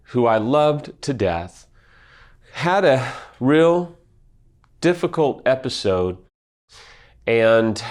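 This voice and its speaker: A man speaking as an affair recovery expert in a video talk, earnest and emphatic, telling a personal story. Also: medium pitch.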